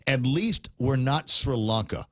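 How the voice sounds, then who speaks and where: Male radio talk host, mid-pitched, meandering and chatty, dry close studio sound. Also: lively intonation, measured pace, dry recording. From Guam. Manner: rambling, many fillers and restarts, chuckles. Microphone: studio mic.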